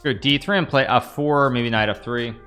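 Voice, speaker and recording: A man's voice: medium pitch, normal speed, pushed and bright, soft background music. A man in his thirties from the United States, live-streaming chess with rambling chatty commentary to his viewers. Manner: chatty, rambling, talks to chat while playing.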